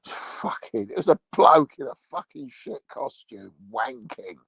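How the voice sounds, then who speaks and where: A man playing a crude, boastful English loudmouth in a rambling, foul-mouthed comic monologue, with an English accent. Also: mid-range voice, very animated, a little slow, creaky, slightly rough, dry recording, full character voice.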